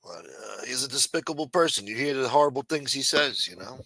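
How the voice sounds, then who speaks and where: Guy ranting on his late nite stream, bright forceful voice, swears a lot, dry close sound. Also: mid-range voice, expressive, a little fast, husky, no room sound. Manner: profane, trash-talking, greets chat viewers by name. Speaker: livestream host. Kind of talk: casual late-night livestream chat.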